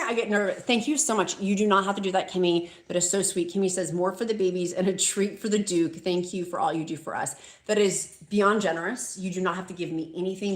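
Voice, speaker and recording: A woman's voice: on the low side, fast talker. A woman, hosting a live stream from home, chatting casually and reading viewer comments aloud in a gushing, talkative way. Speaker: host of a live weight loss stream. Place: room at home. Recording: echoey room, faint noise.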